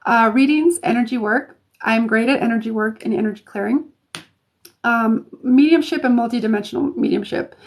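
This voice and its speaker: A woman hosts a live stream of intuitive readings, speaking casually to her viewers in a chatty way full of fillers and restarts. Her voice is on the high side.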